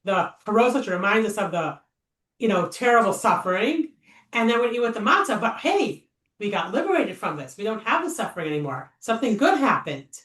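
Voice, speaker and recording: A Torah study teacher, a woman, guides an informal text class in a chatty, think-aloud style full of fillers and rhetorical questions. Her mid-range voice swings widely in pitch, moves fairly quickly, and sounds fairly bright. The room echoes, and she is a bit far from the mic.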